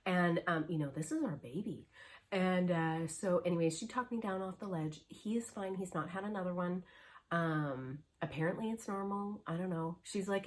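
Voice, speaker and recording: A woman's voice: fairly low pitch, moderate pace. A middle-aged woman vlogging about cross-stitch in a casual, rambling chat full of fillers. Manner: rambling, chatty storytelling with many fillers.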